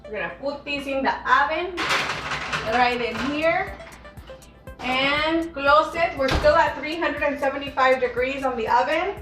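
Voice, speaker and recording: A woman's voice: sits high, a little slow. Chatty woman demonstrating a recipe. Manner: chatty, teasing, with many fillers. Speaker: cooking channel host. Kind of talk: casual cooking demonstration. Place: home kitchen. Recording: echoey kitchen, faint music.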